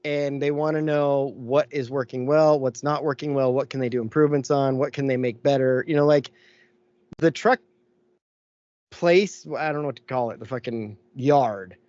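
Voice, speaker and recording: A man telling a story in casual podcast chat, animated and full of swearing and laughs. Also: mid-range voice, moderate pace, no echo, muffled recording. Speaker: podcast co-host.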